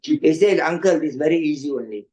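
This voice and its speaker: An older man telling stories in an evening class, animated, laughing often and acting out voices, with many "you know" fillers. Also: a little high, a little fast, low-quality recording. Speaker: monk giving an evening class. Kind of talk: storytelling sermon.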